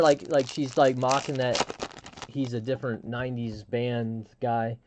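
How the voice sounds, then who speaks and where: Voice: mid-range voice, a little slow, darkish tone, slight background noise. A live stream host chatting casually, telling a rambling story with frequent restarts and fillers.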